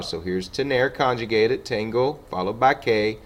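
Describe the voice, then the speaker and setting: A man teaching a Spanish lesson, patiently walking through examples and slowing down for each sample sentence. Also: lowish voice. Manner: patient, repeats "okay" and slows down for example sentences. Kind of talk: classroom lesson explaining on a board.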